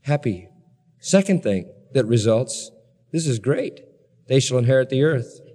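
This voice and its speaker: A man preaching a sermon to a congregation, emphatic and building to excited peaks. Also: medium pitch, measured pace, long reverb tail. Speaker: pastor.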